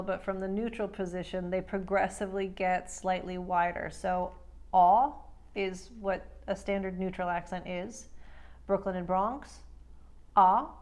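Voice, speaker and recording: A woman's voice: medium pitch, a little mellow. A woman speech coach teaching accent sounds, carefully demonstrating each vowel. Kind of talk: accent tutorial.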